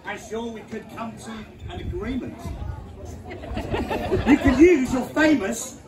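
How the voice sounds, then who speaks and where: Man playing a scheming churchman, high sing-song voice, slow, distant, crowd noise. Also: animated, exaggerated voice. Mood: wheedling. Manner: wheedling, sly. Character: scheming, ingratiating Saxon archbishop and lord. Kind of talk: amateur folk play performance. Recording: echoey distant outdoor stage with crowd.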